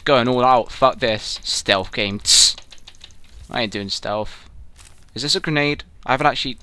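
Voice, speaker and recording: A young man commenting on his own gameplay, excitable and swearing loudly whenever things go wrong. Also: medium pitch, unhurried, clear, resonant tone. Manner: excitable, yelling and swearing at the game. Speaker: gamer. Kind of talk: let's play commentary.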